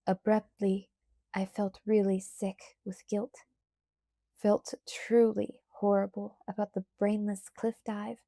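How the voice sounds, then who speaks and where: A woman narrating an audiobook in a calm, measured first-person reading. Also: mid-range voice, no room sound, clean studio sound. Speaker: audiobook reader.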